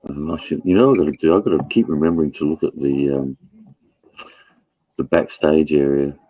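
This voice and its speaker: A man's voice: very deep voice, brisk, husky, dry recording, narrow, tinny audio. A man hosting a livestream, chatting casually, swearing and laughing often. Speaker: livestream host. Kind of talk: casual chat.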